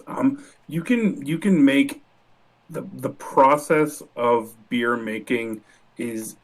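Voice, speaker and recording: A man's voice: medium pitch, low-quality recording. A man guesting on a casual stream, laid-back and enthusiastic, calling people dude. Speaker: guest brewer. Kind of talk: casual chat.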